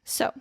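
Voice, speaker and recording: A woman's voice: bright, forceful tone, dry recording, clean studio sound. A woman co-hosting a podcast, telling a true-crime story in a chatty, casual way and often stopping to correct herself when she mixes up names. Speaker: podcast co-host.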